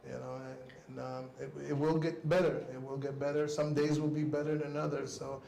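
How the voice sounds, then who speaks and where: A man speaking as a guest on a cycling talk show, giving an earnest, halting spoken tribute that often trails off softly. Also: medium pitch, flat delivery, creaky, reverberant, slight background noise.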